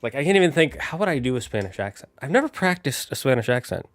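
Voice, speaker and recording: A man of ordinary middle pitch talks to his live chat while he plays a video game. He rambles from one thought to the next, in a loose, casual way. He speaks into a desk microphone. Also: very animated, fast. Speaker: streamer.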